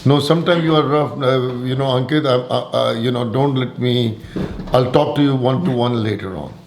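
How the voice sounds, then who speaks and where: A middle-aged father speaking gently and haltingly at home, with many fillers. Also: medium pitch, roomy sound, a little hiss or hum.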